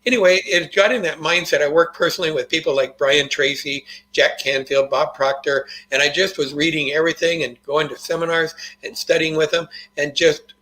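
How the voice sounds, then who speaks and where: A man's voice: on the high side, fairly even intonation, brisk, hardly any pauses, bright, forceful tone, poor audio. An older man, a guest on an interview show, telling a personal story in an earnest, folksy way. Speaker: guest, motivational author.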